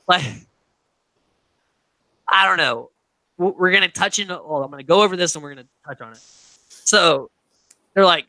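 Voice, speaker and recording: A young woman chats casually as a podcast co-host, her pitch bouncing all over as she tells the story and acts out each quote. Her voice sits on the low side but rings bright and sharp. The sound is dry and close, with no room around it. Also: normal speed, long pauses, no room sound, rough recording. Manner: animated storytelling, acts out quotes, laughs often, swears casually. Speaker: podcast co-host recapping a reality show. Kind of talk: casual chat.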